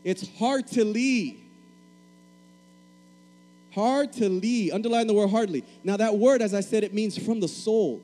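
A man from Puerto Rico preaches with emphasis, his high voice pressing key phrases again and again. His tone is mellow and dark. A faint mains hum runs underneath. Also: fast, hardly any pauses, poor audio. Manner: emphatic, repeats key phrases, asks the congregation to respond. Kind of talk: sermon.

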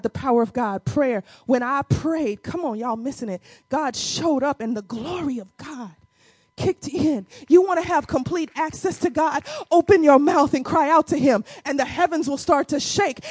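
A woman preaching a sermon, moving from quiet teaching to shouted, crying exhortation and calling out to the congregation casually. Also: high-pitched, husky, no room sound. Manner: colloquial, addresses congregation as y'all.

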